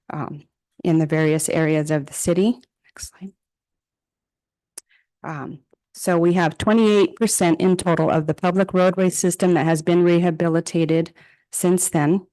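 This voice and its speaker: In a council chamber, a woman who serves as city director gives a formal presentation, steadily reading through figures and project lists. Her voice is on the low side, darkish and clean.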